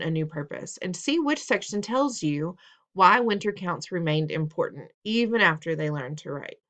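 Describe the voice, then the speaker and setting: Woman teacher, lower register, patient and instructive, recorded lesson. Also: fairly bright tone. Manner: patient, instructive, playful teasing; repeats instructions, asks the listener questions. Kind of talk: recorded test-prep lesson.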